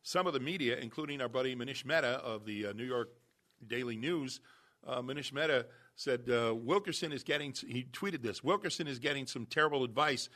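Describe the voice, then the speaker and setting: A man hosting a sports talk show, chatty and quick to laugh as he sets up clips. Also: medium pitch, sharp tone.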